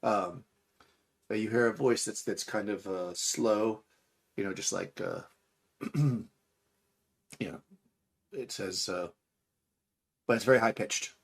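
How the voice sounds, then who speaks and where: A man's voice: fairly low pitch, takes it slowly, long pauses, slightly rough. A man narrating as game master for a tabletop game, rambling with fillers and restarts.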